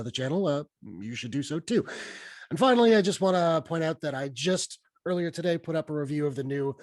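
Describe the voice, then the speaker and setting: A man's voice: on the high side, no room sound, studio quality. A man hosting a podcast, chatting casually and animatedly about movies. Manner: chatty, animated, laughs at his own stories. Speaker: podcast host.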